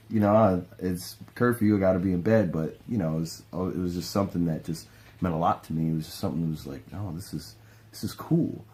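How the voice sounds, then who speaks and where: A man, a pro wrestler, giving a casual testimonial in a laid-back, rambling, slangy way. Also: on the low side.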